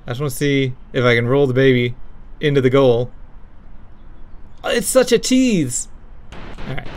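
A man's voice: medium pitch, moderate pace, a little mellow. A man developing a game on a live stream, thinking aloud and laughing at his own jokes. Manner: self-amused, laughs often, thinking aloud. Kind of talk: casual live-stream chat.

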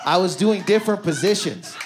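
A man's voice: high-pitched, animated, noisy background. Male stand-up telling stories to a crowd. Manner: loose, conversational storytelling with quick asides to the crowd. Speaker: stand-up comedian. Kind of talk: stand-up comedy set. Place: comedy club stage before a live audience.

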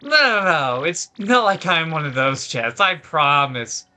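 A gamer voicing a boastful cursed treasure chest that pleads to be let out, then gloats with theatrical shouts, while reading game dialogue. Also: medium pitch, sing-song, measured pace, soft background music. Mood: pleading. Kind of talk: let's play dialogue reading.

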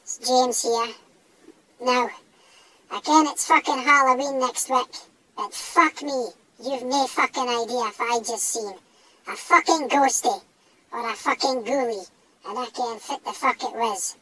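A man voicing a small, cocky, foul-mouthed male dog with a northeast Scottish accent, speaking in a high squeaky voice. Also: a little slow, bright, forceful tone, exaggerated voice, low-quality recording. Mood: spooked. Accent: Scottish (northeast, Doric). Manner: sweary, blustering tough talk.

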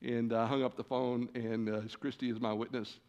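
Guy preaching in a church, storytelling sermon, acts out the conversations, middle pitch. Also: normal speed, dull audio. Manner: animated, acts out quoted conversations. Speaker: guest preacher. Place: church sanctuary.

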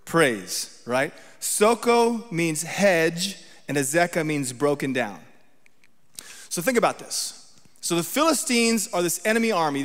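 A man's voice: on the high side, a bit bright, in a large hall. A man giving a sermon as a guest preacher, talking conversationally and often checking in with the congregation. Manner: reads scripture aloud with emphasis.

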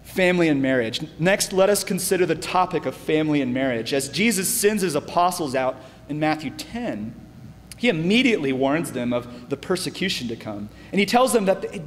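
A man's voice: expressive, brisk. Man reading scripture with dramatic flair. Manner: reads scripture aloud dramatically, acting out the speakers; asides in a low, quiet voice. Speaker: Bible teacher. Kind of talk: Bible study presentation. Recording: long reverb, faint background hum.

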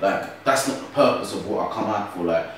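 Echoey young London man, animated talk. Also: lowish voice, fairly quick, slight background noise. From Britain. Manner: animated, keeps asking "you get what I'm saying?". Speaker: grime MC guest. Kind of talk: casual interview chat. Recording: roomy echo from a distant mic.

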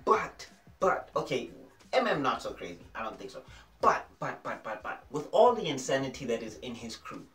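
Excitable man reviewing a TV episode. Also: mid-range voice, moderate pace. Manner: excitable, repeats phrases, slangy. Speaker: TV show reviewer. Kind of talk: casual review vlog. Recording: roomy echo, distant mic, faint music.

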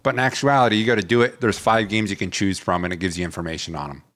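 A man's voice: lowish voice, fairly even intonation, racing, fairly bright tone. Man with a dry, wry delivery. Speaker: podcast co-host. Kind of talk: casual chat.

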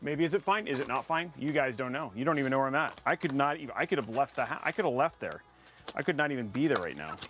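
A man's voice: medium pitch, animated, quick pace, noisy background. A man live-streaming a PC build, talking to his chat in a playful, rambling way and teasing them.

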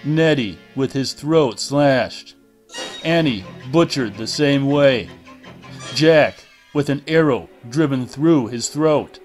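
A man reading a horror novel aloud in a deliberate, dramatic narration style. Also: medium pitch. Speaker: audiobook reader.

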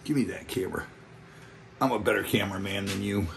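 A man's voice: deep voice, fairly quick, vocal fry, background noise. A man voicing a cheeky, suspicious pet lemur. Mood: playful. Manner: playful running voice-over for an animal.

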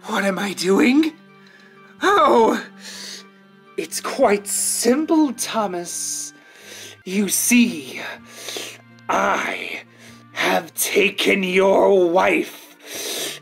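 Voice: mid-range voice, lively intonation, extremely slow, creaky, pauses often, soft background music, heavily acted. Someone voicing a sneering villain engine. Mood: gloating. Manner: sneering, hissing whispers into sudden yelling. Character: scheming villainous toy engine. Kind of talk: fan dub of toy trains.

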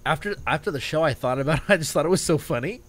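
Male co-host, animated storyteller, very expressive pitch, giggles through his own anecdotes. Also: racing. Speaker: podcast co-host. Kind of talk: casual chat.

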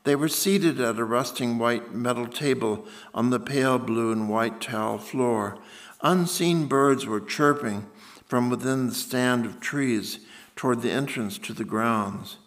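A man reading his own literary fiction aloud in a measured, deliberate voice. His pitch sits right in the middle range for a man, and he takes his time over the prose. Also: a bit bright. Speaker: author. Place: museum event space.

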